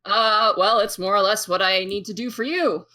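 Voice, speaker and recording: A woman's voice: mid-range voice, moderate pace, bright, forceful tone. A woman running a tabletop game as game master, narrating scenes and voicing characters in a chatty way, with many fillers and restarts.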